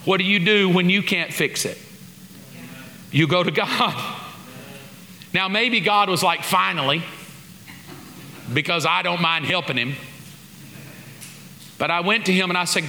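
Bright-voiced preacher in a hall. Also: male voice, high voice, unhurried, gravelly, long pauses, a little hiss or hum. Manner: animated, acts out dialogue and prayers. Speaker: pastor. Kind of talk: sermon storytelling. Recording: long hall reverb.

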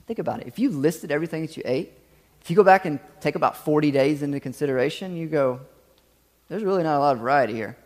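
A pastor in his thirties preaches a sermon with a slightly high voice. He tells stories, acts out the quoted voices and turns to the congregation with lively asides. The sound rings with the long reverb of a hall. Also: fast talker.

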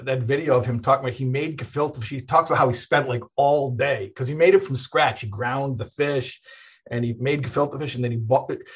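Rambling, husky-voiced rabbi telling stories. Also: male voice, medium pitch, fairly bright tone, dull audio. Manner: rambling storyteller with many restarts and laughs. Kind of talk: casual conversation.

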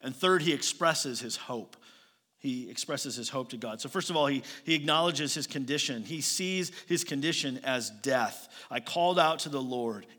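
Earnest preacher man, bright tone, hall echo. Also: medium pitch, normal speed. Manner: earnest preaching, swinging between loud emphasis and quiet asides. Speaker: pastor. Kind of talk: sermon.

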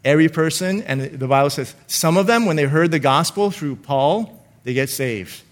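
Emphatic male preacher, fairly high voice. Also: animated. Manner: emphatic, calls for congregation responses, slows to stress scripture. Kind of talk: sermon.

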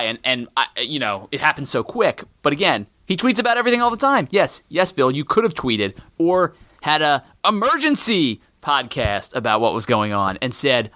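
Animated, bright-voiced male co-host. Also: medium pitch, normal speed, hardly any pauses, dry recording. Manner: animated, exasperated, swears. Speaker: podcast co-host. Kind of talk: comedic podcast banter.

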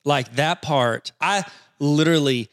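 A man's voice: on the high side, measured pace, dry recording, studio quality. A man co-hosting a casual movie chat, enthusiastic and rambling through film trivia. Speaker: podcast co-host.

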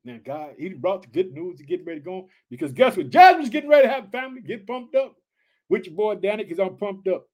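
A man preaching an energetic Bible study sermon, reading scripture aloud and commenting, fired up and calling his listeners family. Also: high voice, brisk.

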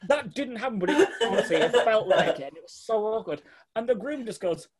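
A man telling a casual, animated travel anecdote, swearing freely and mimicking the people he met. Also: sits high, a little fast, very noisy. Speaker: guest telling a travel story.

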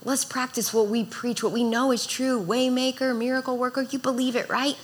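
A woman's voice: high voice, little pitch movement, brisk, husky. A woman in her thirties preaching a sermon, earnest and exhorting, building to fervent calls to the congregation. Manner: earnest, exhorting, rises in intensity.

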